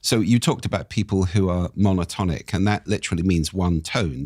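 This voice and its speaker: A man, a speaking expert and podcast guest, explaining things in a measured way with examples, his voice a little croaky. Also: low-pitched, darkish tone, dry recording, studio quality. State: slightly croaky. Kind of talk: explanatory interview talk. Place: podcast studio.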